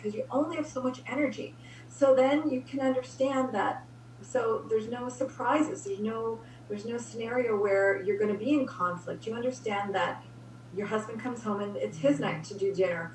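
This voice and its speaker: A woman giving upbeat, practical relationship advice in a casual chat, laughing often. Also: medium pitch. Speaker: guest relationship advisor. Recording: roomy, distant mic with faint hum.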